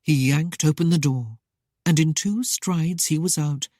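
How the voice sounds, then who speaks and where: A woman reads a period romance aloud in scripted, expressive narration. Her voice is low and husky, with lively swings of pitch. The recording is close and dry. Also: measured pace, no room sound. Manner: expressive storytelling. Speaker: audiobook narrator.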